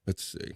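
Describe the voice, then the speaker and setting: A man's voice: a little mellow, no echo, clean studio sound. A man hosting a casual livestream, joking loosely and reading viewer comments aloud. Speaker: livestream host. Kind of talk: casual live chat.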